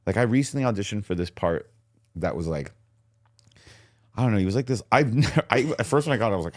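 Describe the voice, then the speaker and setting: Lively low-voiced man, chatty storyteller. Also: fast talker, long pauses, dry recording, studio quality. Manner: animated storytelling, full of "like" fillers. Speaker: acting teacher and actor, podcast guest. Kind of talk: casual podcast chat.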